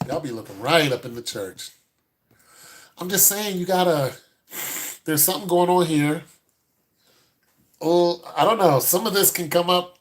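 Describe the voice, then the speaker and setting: A man giving a casual, joking critique with animated, mock-preachy asides. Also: fairly high pitch, a little slow, long pauses. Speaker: dating and style commentator.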